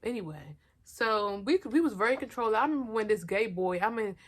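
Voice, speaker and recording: In a storytime vlog, a young woman recounts something that happened to her, her medium-pitched voice expressive and a touch quick. She's candid and full of slang, addressing her viewers directly and bluntly making fun of herself.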